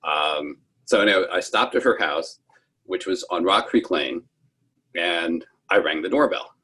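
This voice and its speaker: A man's voice: low voice, unhurried, bright, forceful tone, husky. A man in his sixties from New York, telling a personal story over a video call in a rambling, self-correcting way, acting out the voices he quotes. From New York, United States. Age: 60s. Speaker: interviewee. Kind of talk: casual storytelling.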